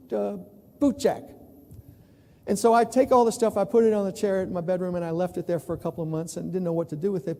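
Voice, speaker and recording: Self-mocking keynote storyteller from New York, man, high voice, big hall reverb. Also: mellow. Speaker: plenary speaker. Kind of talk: storytelling conference talk. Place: large conference hall. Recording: long reverb in a large hall.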